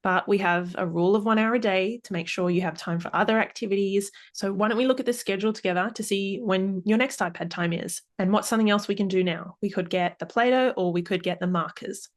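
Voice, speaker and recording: A woman playing a calm, coaxing parent. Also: medium pitch, fast, hardly any pauses, natural voice. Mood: patient. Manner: gentle, coaxing and encouraging. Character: calm patient parent talking to a child.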